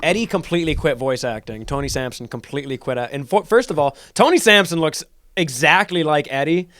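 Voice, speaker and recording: A man's voice: a little high, lively intonation, fairly quick, a bit bright. A young man co-hosting a podcast, rambling in casual chat, swearing often and restarting his sentences. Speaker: podcast co-host.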